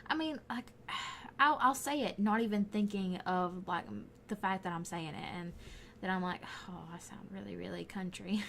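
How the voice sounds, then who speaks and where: A woman's voice: mid-range voice, steady tone, normal speed, a bit bright, a little hiss or hum. Chatty young woman, Alabama drawl. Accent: Southern US, Alabama. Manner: rambling, chatty, often laughing. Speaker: gaming YouTuber. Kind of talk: casual voice-over commentary.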